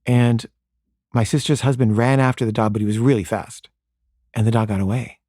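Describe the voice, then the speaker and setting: A man's voice: mid-range voice, fairly even intonation, brisk, dark tone, no echo, clean studio sound. A man telling a personal story in a casual, conversational way, full of fillers. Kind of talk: personal story told to an audience.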